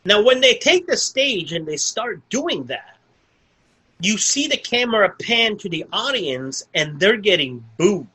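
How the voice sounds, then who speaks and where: A man with a bright, slightly high voice, talking casually through a movie plot on a podcast. He rambles, circles back, and fills his sentences with "like" as he goes. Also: big pitch swings, measured pace, husky, rough recording. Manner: rambling, full of "like" and restarts. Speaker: podcast co-host. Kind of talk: casual movie review chat.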